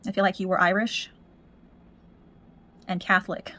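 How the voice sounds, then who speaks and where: A woman's voice: mid-range voice, level tone, normal speed, fairly bright tone. A woman giving a spiritual tarot reading, talking in a musing way and repeating words as she searches for messages. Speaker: tarot reader.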